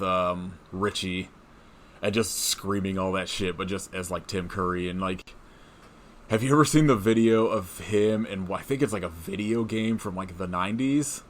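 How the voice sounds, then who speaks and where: Man, podcast co-host, casual chat, swears a lot, slightly low voice, faint hiss. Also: moderate pace. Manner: swears freely, rambling and laughing.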